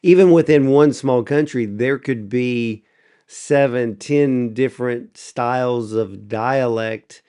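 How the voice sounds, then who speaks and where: A man from the United States hosting an interview, chatty and clearing his throat often. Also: medium pitch, slow pace, mellow. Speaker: interview host. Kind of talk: conversational interview.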